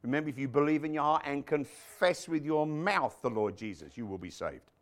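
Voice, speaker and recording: A man delivers a sermon in a voice pitched a little high, swooping widely up and down as he preaches. He quotes scripture, tosses in muttered asides and jokes with the congregation. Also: animated, a little fast. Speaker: pastor.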